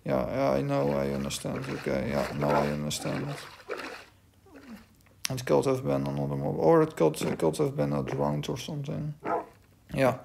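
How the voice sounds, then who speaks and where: Gravelly-voiced man commenting gameplay. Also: medium pitch, monotone, normal speed. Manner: talks to the dogs in game, puzzled and self-mocking. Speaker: gaming commentator. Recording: loud background noise.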